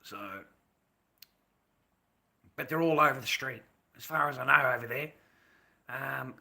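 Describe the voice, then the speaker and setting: An Australian man livestreaming, greeting chat and ranting in a rambling, heavily profane way, swinging between low mutters and loud outbursts. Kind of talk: casual ranting monologue.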